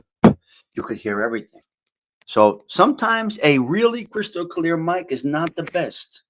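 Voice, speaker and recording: A man's voice: on the high side, sing-song, a little slow, fairly bright tone, poor audio. A man hosting a casual morning livestream, chatting and wisecracking with viewers by name, his voice a little off after a long night, talking into a cheap handheld mic. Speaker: livestream host. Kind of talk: casual live chat reading viewer comments. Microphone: cheap handheld mic moved near and far.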